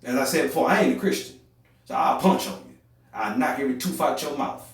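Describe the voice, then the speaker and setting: Fast and with lively intonation, a young adult man with an AAVE accent hosts a podcast with a heated, preaching monologue. He repeats phrases, shifting between loud outbursts and low, quiet spells, and sounds far away in a highly echoey space.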